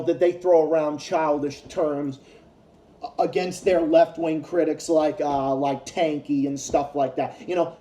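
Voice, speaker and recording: Man, ranting vlogger, profane and heated, mellow tone, fairly high pitch, echoey room. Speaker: YouTube commentator. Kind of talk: ranting commentary vlog.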